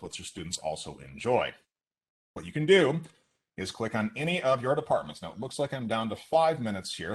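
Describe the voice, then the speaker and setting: A man, an instructor, giving a brisk, explanatory online webinar walkthrough of a teaching simulation with asides, speaking from his desk into a computer mic on a video call. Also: low voice, slightly rough.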